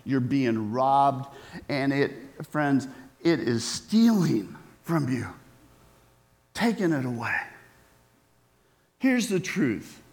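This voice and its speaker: A man's voice: mid-range voice, expressive, extremely slow, pauses often, a little mellow. A male preacher giving a sermon in a conversational way, often asking his listeners questions. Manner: conversational, asks the audience questions.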